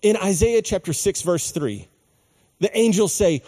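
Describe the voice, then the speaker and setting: A man delivers a sermon, stretching key words and pausing for weight. His voice sits high for a man yet sounds soft and mellow, with a long reverb trailing behind it. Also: animated. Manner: slow, emphatic preaching with dramatic pauses. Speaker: pastor.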